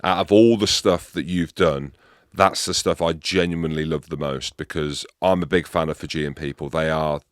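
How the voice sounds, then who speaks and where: A man's voice: a bass voice, fairly even intonation, normal speed, few pauses, clean tone, no room sound, clean studio sound. A man hosting a podcast, chatting casually and swearing freely as he tells jokey stories. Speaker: podcast host. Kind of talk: casual chat.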